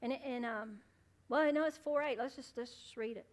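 A woman pastor preaching a sermon in church, calling out to the congregation and rising to loud, fervent peaks. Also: fairly high pitch, normal speed. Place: church sanctuary.

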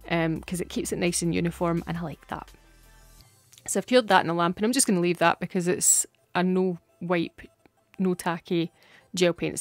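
Scottish woman vlogger, casual and giggly, dry close voice with soft music underneath. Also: lowish voice, no echo. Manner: chatty and giggly, laughs often. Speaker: nail art vlogger. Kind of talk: casual tutorial chat.

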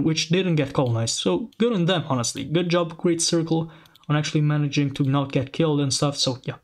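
A man hosting a casual commentary, reading lore aloud and reacting with excited, rambling asides. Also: fairly high pitch. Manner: excitable, rambling, frequent restarts and exclamations. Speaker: channel host.

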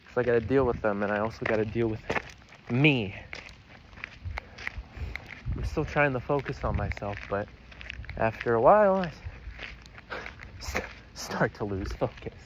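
Young man, walking vlog, self-deprecating, swears a lot, muffled sound, loud outdoor noise. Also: mid-range voice, lively intonation, unhurried, pauses often. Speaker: vlogger. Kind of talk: rambling walk-and-talk vlog. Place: outdoors on a walk, rural.

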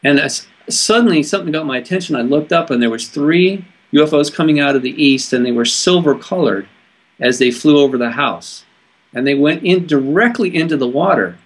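A man from California, a guest in an interview, telling a personal story in an earnest, halting way with frequent restarts. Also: a little high, expressive, husky.

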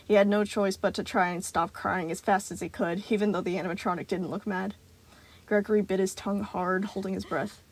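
A woman narrating a piece of fan fiction aloud. Her voice sits at an ordinary middle pitch. She reads at an even pace with expressive phrasing. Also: fairly quick. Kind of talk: storytelling narration.

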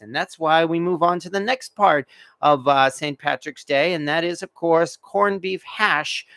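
Hosting a relaxed cooking stream from his home kitchen, this man speaks with a fairly high, somewhat bright voice touched by vocal fry. His talk wanders, packed with fillers and false starts, and he likes to put himself down.

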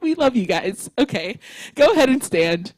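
A woman leading worship at a church service, giving chatty, excitable announcements and a closing prayer. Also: a little high, normal speed, no room sound, low-quality recording.

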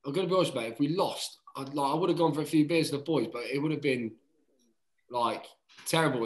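A man's voice: medium pitch, reverberant, poor audio. A man, a rugby player telling stories as a podcast guest, chatty and peppering his talk with "mate". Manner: chatty, says "mate" often, lively retelling. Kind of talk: casual storytelling chat.

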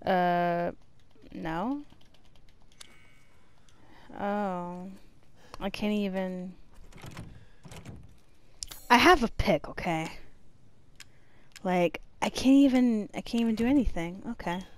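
A woman giving profane, panicky commentary while playing a horror game, swinging between screaming and low muttering. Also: takes it slowly, pauses often. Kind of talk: let's play commentary.

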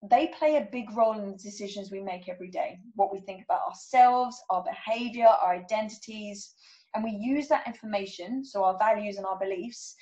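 A woman's voice: mid-range voice, warm tone, dull audio. A woman coach giving a workshop talk, reading out numbered statements and checking in with her listeners. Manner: checks in with frequent "okay?".

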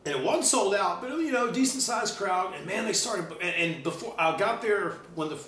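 Animated storytelling man in an echoey room. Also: high voice, moderate pace, recorded from a distance, slight background noise. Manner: animated, loose, swears freely. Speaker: guest musician. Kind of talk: casual storytelling chat.

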